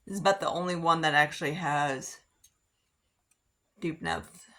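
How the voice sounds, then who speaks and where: Woman vlogger, lowish voice, rambling casual makeup chat, heavy on "like". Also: normal speed, pushed and bright. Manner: rambling, filler-heavy, frequent "like". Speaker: beauty vlogger. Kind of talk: casual get-ready-with-me chat.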